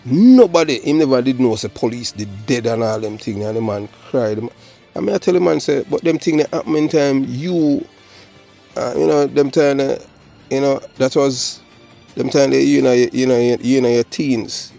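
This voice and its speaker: A man's voice: medium pitch, normal speed, creaky, warm tone, soft background music. Jamaican man rambling in emphatic commentary. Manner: rambling, emphatic, mixes patois and English. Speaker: channel host. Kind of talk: solo commentary monologue.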